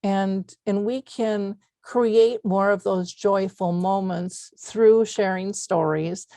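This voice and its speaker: A woman's voice: medium pitch, steady tone, slow pace, dark tone, no room sound, studio quality. A middle-aged woman hosting an interview podcast, telling personal stories in an earnest, heartfelt way with many fillers. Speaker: podcast host. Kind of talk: conversational interview.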